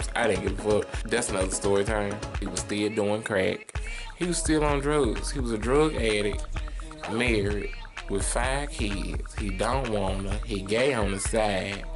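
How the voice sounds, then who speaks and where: A man in his twenties telling an animated, sassy, slang-filled story on his vlog. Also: medium pitch, gravelly. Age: 20s. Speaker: vlogger. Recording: music playing behind the voice.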